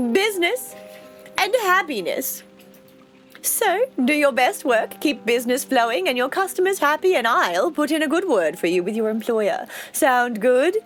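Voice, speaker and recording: A woman's voice: sits high, fairly bright tone, pitched above the performer's own voice. A woman voicing a pompous, self-important woman mayor who gives grand, self-congratulatory speeches.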